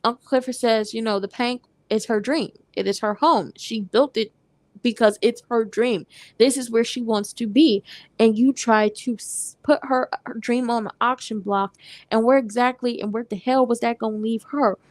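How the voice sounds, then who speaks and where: A woman hosts a casual TV recap, talking in a sassy, animated way and acting out the characters' lines as she goes. Her voice sits fairly high. The sound is dry, close and without room echo. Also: moderate pace. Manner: animated, sassy, retells scenes with quoted voices. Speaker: recap host.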